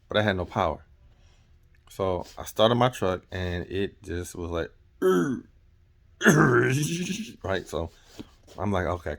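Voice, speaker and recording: Deep-voiced chatty trucker. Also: male voice. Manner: rambling, chatty, corrects himself often. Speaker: truck driver. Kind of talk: casual vlog storytelling. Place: in or near his truck.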